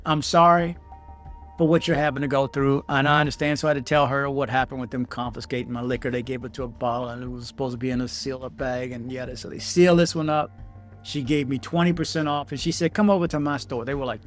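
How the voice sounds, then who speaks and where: A man telling a travel story in an unscripted vlog, in an animated way that swings to loud outbursts. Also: medium pitch, fairly quick, soft background music. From Washington, D.C. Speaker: vlogger.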